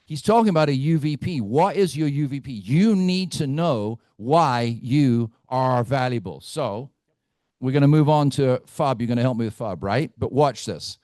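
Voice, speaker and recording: A middle-aged man leads a team training in a meeting room, speaking bluntly and telling stories. He keeps checking in with his listeners. His voice sits at a medium pitch, recorded dry and close. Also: expressive, normal speed, a little mellow, no echo. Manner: blunt, storytelling, asks "right?" often. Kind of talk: live team training talk.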